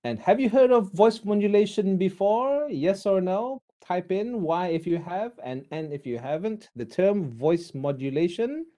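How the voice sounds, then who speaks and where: A man lecturing an online class, animated and often asking his students questions. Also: sits high, unhurried, hardly any pauses.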